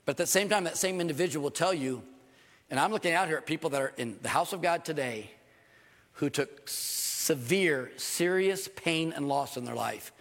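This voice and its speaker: A man's voice: fairly high pitch, moderate pace, fairly bright tone. Earnest older male pastor in a reverberant hall. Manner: earnest and emphatic, with repeated phrases. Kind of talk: sermon. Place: church sanctuary.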